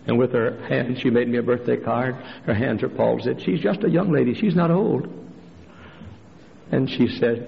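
A male pastor preaching a sermon in a church, swinging from hushed storytelling up to impassioned shouted refrains. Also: lively intonation, moderate pace, creaky. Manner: impassioned preaching, climbing to shouted refrains, dropping low for stories. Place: church sanctuary. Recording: lo-fi recording with long hall reverb.

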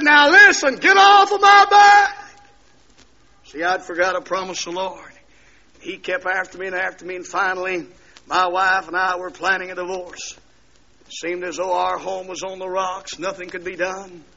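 Shouting preacher, high bright voice. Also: male voice. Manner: storytelling, swings from hushed to shouting. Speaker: preacher giving testimony. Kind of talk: sermon testimony. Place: church. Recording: dull lo-fi sermon recording.

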